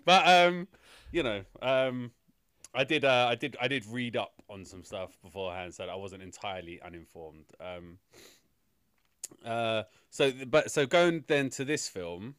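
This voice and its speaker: A man's voice: mid-range voice, measured pace, a bit bright, clear, resonant tone. A man rants about a film on a casual podcast. He rambles, swears freely and sounds exasperated, and his voice is close and dry with no room echo. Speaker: film reviewer.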